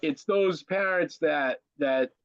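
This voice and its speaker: A man's voice: fairly high pitch, slow, clear, resonant tone, no room sound. A man hosting a podcast, talking casually and stressing his points firmly. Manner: emphatic, repeats points. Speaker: podcast host. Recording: dull dry audio.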